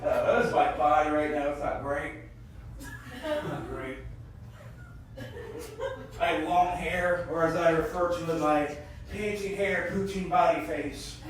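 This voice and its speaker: A man in his thirties doing a stand-up comedy set at a festival, animated and bursting into shouted character bits, then dropping into low mumbled asides. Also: a little slow, long pauses, slight background noise. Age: 30s. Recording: very echoey room, mic at a distance.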